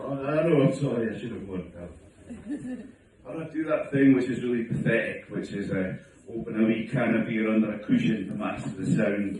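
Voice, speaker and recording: A middle-aged man doing a self-mocking stand-up routine, sometimes putting on his wife's voice. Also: background noise. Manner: wry, self-mocking, acts out his wife in a higher voice. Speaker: stand-up comedian. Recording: distant phone recording in an echoey room. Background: audience laughter.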